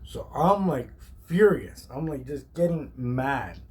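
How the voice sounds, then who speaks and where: A man, a chef, telling a personal story in a casual, animated way, emphatic and full of "like". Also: mid-range voice, slow pace. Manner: animated, emphatic, heavy use of "like".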